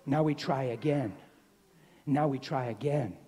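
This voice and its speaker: A man preaching a sermon in a church, telling a story with lively acted-out dialogue. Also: medium pitch, measured pace, slightly rough. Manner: storytelling, animated, acts out dialogue. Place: church hall. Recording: long reverb in a church hall.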